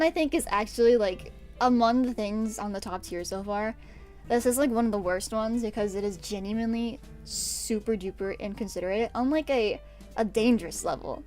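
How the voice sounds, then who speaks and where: Here a young American woman on stream casually ranks her pet peeves, wandering off topic, getting exasperated and laughing in bursts. She speaks in a mid-range voice that's a little mellow.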